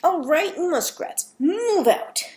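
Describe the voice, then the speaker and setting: A woman voicing a bossy, energetic young scout girl who gives orders. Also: medium pitch, close to an everyday voice. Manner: commanding and brisk.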